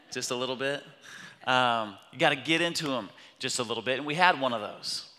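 Male preacher, lively storyteller, bright forceful tone, hall reverb. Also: medium pitch. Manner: animated, acts out quotes of his son. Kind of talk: sermon storytelling.

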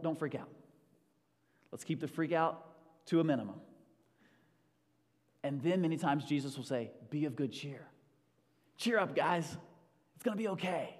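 A man preaching in a church hall, his voice sitting a little high for a man. He swings between loud rallying bursts and hushed, intimate passages. Long reverb rings around him. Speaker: pastor. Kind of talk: sermon.

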